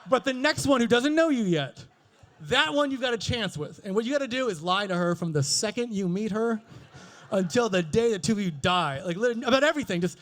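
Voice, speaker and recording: A man performing a stand-up comedy set on stage with a handheld mic, animated and swearing, mimicking other voices with big jumps in pitch. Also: fast talker. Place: comedy stage before a live audience.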